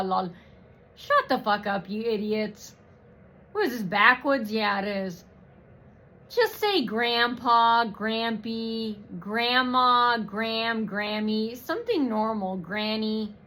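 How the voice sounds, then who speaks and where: Woman vlogger, slow profane rant, bright tense tone, mocking, filler-heavy. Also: mid-range voice. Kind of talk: rambling personal rant.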